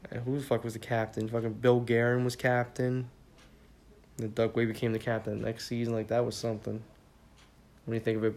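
A man's voice: mid-range voice, a little mellow. A tired young man from the New York area hosting a casual solo podcast, rambling with lots of swearing and filler words. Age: young adult. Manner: rambling, profane, many fillers. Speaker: podcast host.

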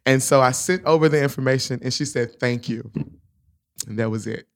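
A man's voice: medium pitch, brisk, gravelly. A man casually telling a story about how he met his wife. He acts out the quoted lines and laughs often.

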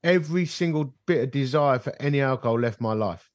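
A man's voice: medium pitch, fairly quick, dry recording, studio quality. A middle-aged man, a guest on a podcast, telling a personal story in casual conversation and acting out the dialogue. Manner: animated storyteller who acts out dialogue. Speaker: podcast guest, ministry leader. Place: bar.

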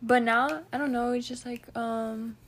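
A young woman in casual, filler-heavy chat about dating, sarcastic and quick to laugh. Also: a little high, steady tone.

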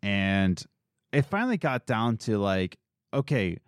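Young male podcast co-host, expressive storyteller, lively pitch, dry studio sound. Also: a little slow, clear, resonant tone, no room sound. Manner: animated storytelling, mimics others in quotes. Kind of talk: casual chat.

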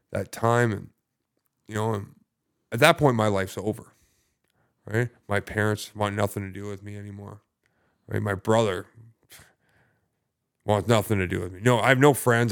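In a creaky, fairly low voice, a young man on a podcast talks casually about his recovery. His storytelling wanders, heavy with fillers and profanity.

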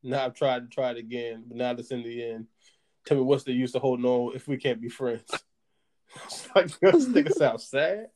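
A man's voice: mid-range voice, level tone, brisk, darkish tone. A man co-hosting a casual podcast, reading song lyrics aloud in a mock-serious tone and laughing between lines. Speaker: podcast co-host.

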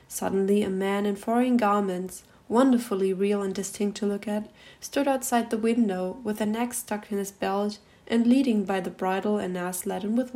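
A woman reads a classic story aloud with expressive storytelling. Her voice sits at a middle pitch. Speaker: reader. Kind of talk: literary reading.

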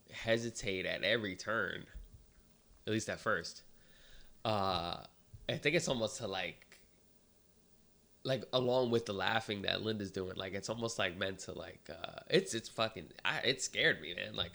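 Male podcast co-host, bright gravelly tone, relaxed swearing chatter. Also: on the low side, unhurried. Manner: laid-back, swears freely, lots of filler words. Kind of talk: casual movie review chat.

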